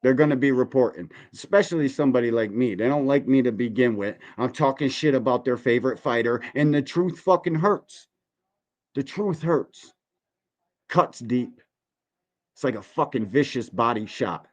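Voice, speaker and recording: A man's voice: mid-range voice, normal speed. Man ranting profanely on a boxing stream. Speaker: podcast host reacting to boxing videos. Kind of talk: casual live-stream commentary.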